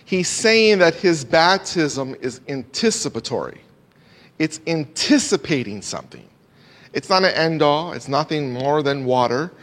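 Male preacher, expository sermon, animated rises and hushed drops, church hall echo. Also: fairly high pitch, measured pace. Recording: long hall reverb.

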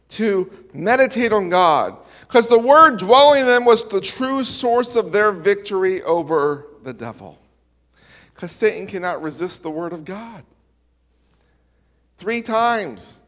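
A man's voice: high-pitched, animated, takes it slowly, fairly bright tone. A man preaching a sermon as pastor, emphatic and building his points with repeated parallel lines. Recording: reverberant hall.

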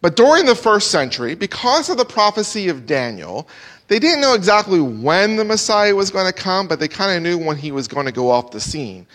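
Man, preacher, lively swooping delivery, slightly high voice, long hall reverb. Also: a little fast. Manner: animated, rises and drops sharply for emphasis. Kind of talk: expository sermon.

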